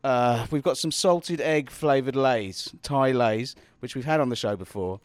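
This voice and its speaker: A man's voice: mid-range voice, measured pace, dry recording. A British man hosting a podcast, casual chat recorded at a house party, often cutting himself off mid-sentence. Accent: British English. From Britain. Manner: rambling and self-interrupting. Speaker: podcast host.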